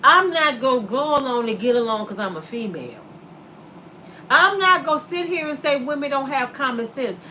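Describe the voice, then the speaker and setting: A woman's voice: high-pitched, animated, normal speed, sharp tone, slight background noise. A woman in her fifties who hosts her own vlog and delivers a sassy, preachy comedic rant straight at her viewers. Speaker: vlogger host.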